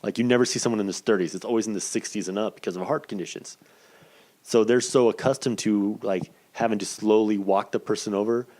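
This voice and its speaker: Man, thirties, low-ish voice, podcast host, casual storytelling, profane, animated. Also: fairly quick.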